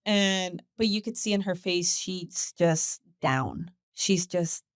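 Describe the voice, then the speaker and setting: A woman's voice: fairly low pitch, slow pace, no echo, studio quality. Chatty woman telling a story. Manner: animated storyteller who acts out voices, repeats words and laughs often. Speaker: podcast guest. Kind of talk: casual interview chat.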